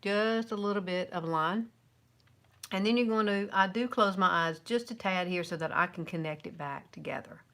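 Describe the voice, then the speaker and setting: A woman's voice: medium pitch, moderate pace, fairly bright tone. Southern woman over 50, chatty tutorial host, encouraging and easygoing. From American South. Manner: chatty and encouraging, with little laughs. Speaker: makeup vlogger. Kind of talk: casual makeup tutorial, live.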